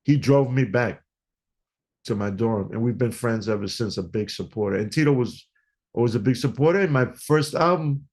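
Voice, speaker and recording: Animated middle-aged New guest, talks in stories, voices the other people in them. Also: male voice, mid-range voice, moderate pace. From New York. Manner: animated storyteller who acts out dialogue. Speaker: guest musician. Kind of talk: storytelling interview.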